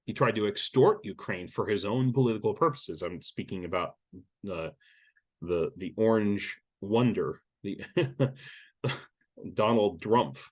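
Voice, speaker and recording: A man's voice: fairly low pitch, lively intonation, unhurried, breathy edge. A man giving casual news commentary, blunt and sarcastic, with lots of swearing and frequent restarts. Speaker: YouTube war-news commentator.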